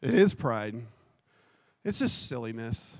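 A man giving a sermon as pastor. He talks casually and corrects himself, then builds to impassioned shouting. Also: medium pitch, very animated, slow pace, no echo, studio quality. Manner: impassioned preaching that swells to shouting; conversational and self-correcting, with jokes.

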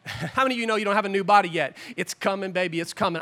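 A man in his forties preaching a sermon as pastor, animated and joking, with sudden loud bursts. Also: high voice, quick pace.

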